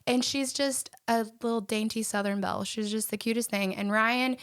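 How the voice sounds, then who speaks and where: A woman hosting a podcast, telling a story in a chatty, animated way and laughing often. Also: on the high side, normal speed, smooth. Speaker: podcast host. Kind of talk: casual storytelling chat.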